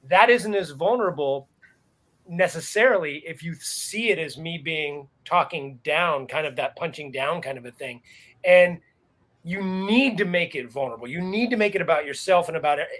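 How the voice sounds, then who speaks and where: A man hosting a comedy panel, talking in rambling stretches and quoting people in quick bursts. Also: on the high side, expressive, a bit bright. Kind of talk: casual panel discussion.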